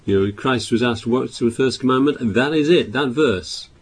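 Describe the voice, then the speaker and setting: A man preaching a sermon, reading scripture aloud louder and explaining it with halting restarts and repeated words. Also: medium pitch, husky.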